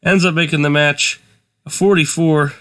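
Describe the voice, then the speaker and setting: A man's voice: a little high, fairly even intonation, moderate pace, fairly bright tone. A man co-hosting a casual game commentary, laid-back and blunt as he reads out match results. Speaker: let's play co-host.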